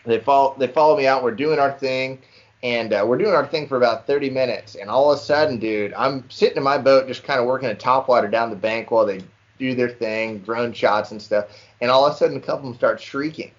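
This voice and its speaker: Animated guy telling a fishing story. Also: mid-range voice, fairly quick. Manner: animated storyteller, says "dude" often. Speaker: podcast co-host. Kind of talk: casual chat, storytelling. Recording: slightly dull lo-fi sound.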